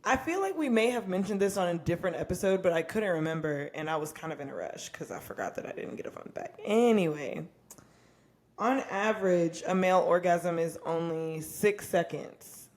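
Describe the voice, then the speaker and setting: A woman's voice: on the low side, animated, moderate pace, a little mellow. A young woman co-hosting a casual podcast, talking candidly and with profanity, often laughing. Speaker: podcast co-host.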